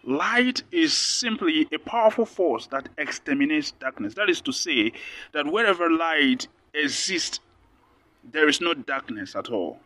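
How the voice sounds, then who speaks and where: A man's voice: fairly high pitch, lively intonation, a little slow, pushed and bright. A man from Nigeria preaching a sermon, earnest and repeating phrases for emphasis. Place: Lome, Togo.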